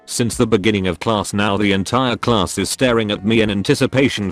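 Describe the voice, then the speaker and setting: A man reading online posts aloud as a scripted narration, in an even reading voice. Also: fairly low pitch, brisk, few pauses. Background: faint background music.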